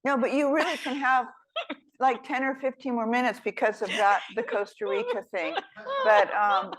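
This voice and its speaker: A woman's voice: fairly high pitch, animated, normal speed, a crowd in the background, poor audio. An older woman speaking as a guest author in an onstage conversation, her talk meandering through stories. She is self-deprecating and funny, often restarting a thought mid-sentence. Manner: warm, rambling, self-deprecating, humorous. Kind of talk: storytelling in a fireside chat.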